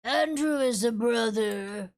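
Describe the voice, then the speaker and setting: A woman's voice: on the high side, slow pace, pitched below the performer's own voice. A woman voicing a cold male demon who speaks in a stiff, old-fashioned way while she plays a video game. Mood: cold, formal. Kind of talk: video game voice-over reading.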